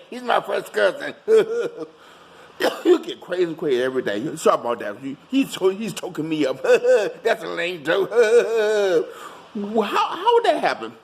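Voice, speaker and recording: A goofy man clowns through a silly comedy skit with a high, gravelly voice. He drawls slowly, giggling and singing badly between lines. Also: big pitch swings. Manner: giggly, goofy, sings and mugs. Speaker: comedic performer.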